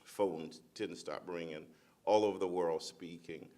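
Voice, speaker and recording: A middle-aged man on a conference panel, a school principal telling a lively personal story and acting out the voices of the people in it. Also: sits low, measured pace. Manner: animated storyteller, acts out quoted voices.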